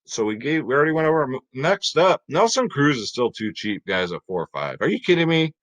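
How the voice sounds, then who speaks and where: A man's voice: mid-range voice, big pitch swings, fairly quick, a bit bright. A man hosting a casual fantasy sports picks video, upbeat and chatty, talking straight to his viewers.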